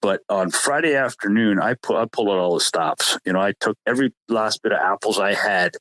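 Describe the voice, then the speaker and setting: Male podcast co-host, low and dry, halting storyteller who stumbles and repeats himself. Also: fairly bright tone, no echo, poor audio. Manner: halting, repeats words and restarts often. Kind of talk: casual storytelling chat.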